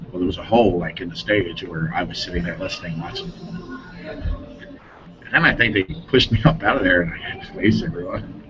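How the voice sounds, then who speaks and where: A man's voice: low voice, background noise. A middle-aged man from Denver telling stories in a rambling, casual way as an interviewee, often chuckling and trailing off mid-sentence. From Denver, Colorado. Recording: dull lo-fi recording with music.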